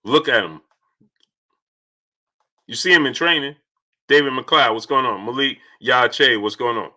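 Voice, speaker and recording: Man, boxing stream host, bright voice, greets chat by name, repeats himself. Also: mid-range voice, measured pace. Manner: repetitive, animated, shouts out chat viewers.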